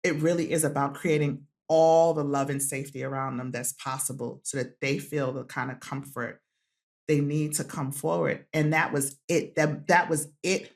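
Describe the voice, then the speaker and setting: A woman who is a podcast guest, telling a heartfelt story in an animated way, acting out quotes and laughing often. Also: low-pitched, moderate pace, creaky.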